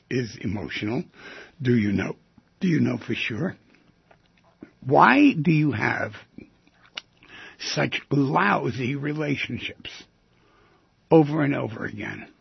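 A man hosting a radio call-in show, firing questions at listeners in a teasing, animated way with sudden loud bursts. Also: medium pitch, takes it slowly, long pauses, dry recording, lo-fi sound. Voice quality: gravelly, husky. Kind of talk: talk radio monologue.

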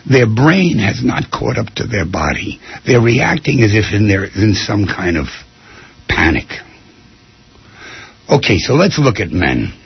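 Gravelly husky man telling animated stories. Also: lowish voice, a little slow, muffled recording. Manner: animated storytelling, acting out quotes. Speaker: speaker giving a talk on anger. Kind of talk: casual talk.

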